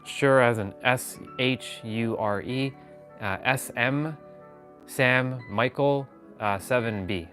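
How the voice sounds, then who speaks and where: This vlogger talks slowly in a mid-range, slightly bright voice as faint music plays behind him. Streaming live from home on a phone held by a gimbal, he chats casually, rambles, and greets viewers by name.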